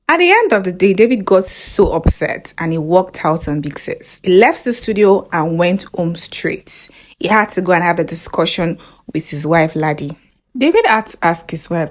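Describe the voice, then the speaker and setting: A woman's voice: lowish voice, big pitch swings, normal speed. Nigerian woman retelling a film. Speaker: movie recap narrator. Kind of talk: storytelling recap.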